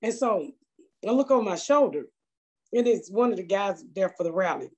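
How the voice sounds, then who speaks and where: A woman's voice: mid-range voice, expressive, moderate pace, darkish tone, husky, highs cut off. A woman comedian telling a story in casual chat, blunt and profane. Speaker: comedian, podcast guest.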